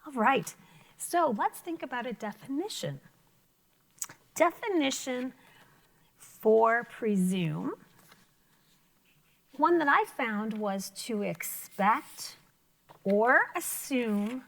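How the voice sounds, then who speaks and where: A woman's voice: fairly high pitch, gravelly, fairly bright tone. A woman teacher giving a vocabulary lesson to children, encouraging them with questions and praise. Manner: encouraging, talks to young pupils with questions and praise. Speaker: elementary school teacher.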